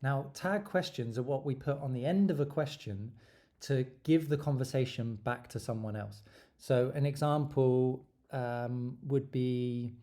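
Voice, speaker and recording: Mellow-voiced man teaching exam tips. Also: medium pitch, measured pace. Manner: lively, stresses words, acts out sample dialogue. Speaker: English teacher.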